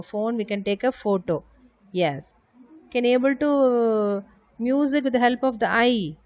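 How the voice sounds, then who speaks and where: A woman teacher with an Indian English accent, giving a lesson to small children, spelling out words letter by letter and answering her own questions. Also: mid-range voice. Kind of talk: recorded class lesson for young children. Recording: slightly dull lo-fi audio.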